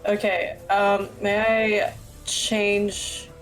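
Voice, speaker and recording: A woman's voice: medium pitch, little pitch movement, very slow, faint music behind, poor audio. A woman playing a tabletop game, hesitant and laughing often, losing her voice. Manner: hesitant, full of fillers and laughs. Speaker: player. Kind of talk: casual tabletop game play.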